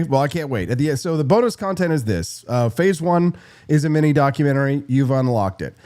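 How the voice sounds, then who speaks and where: Brash fast-talking male show host. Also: on the high side, animated, darkish tone. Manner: brash, fast-talking, reads live chat. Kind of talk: energetic political talk show.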